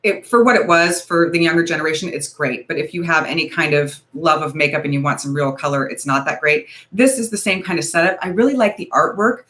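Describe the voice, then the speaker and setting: A woman's voice: low voice, brisk, hardly any pauses, a bit bright. A woman in her forties hosting a casual beauty livestream, talking in a nervous, rambling, hedging way. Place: home, ring light.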